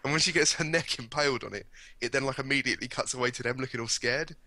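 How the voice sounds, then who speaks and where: A young man with a bright, sharp-edged voice chats eagerly as a podcast co-host. He laughs often and talks in a loose, lively way. The sound is dry and close. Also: mid-range voice, fast, no echo. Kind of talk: casual chat.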